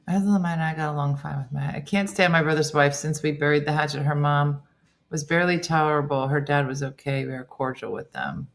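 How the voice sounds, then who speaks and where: Low-pitched middle-aged woman, casual chatty host who reacts quickly. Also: creaky. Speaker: host reading viewer comments. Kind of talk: casual chat.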